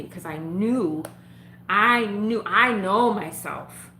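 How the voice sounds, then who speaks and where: A woman's voice: mid-range voice, lively intonation, unhurried, pushed and bright, echoey room, slight background noise, rough recording. A woman vlogger telling a personal story straight to her viewers, frank and profane, laughing often.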